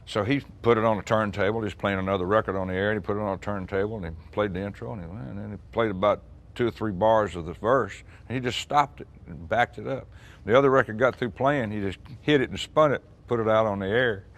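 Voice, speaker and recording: A man in his sixties, a musician recounting an old recording session in relaxed, chatty storytelling. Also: on the low side, quick pace. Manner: chatty, acts out quoted dialogue, frequent restarts and laughs.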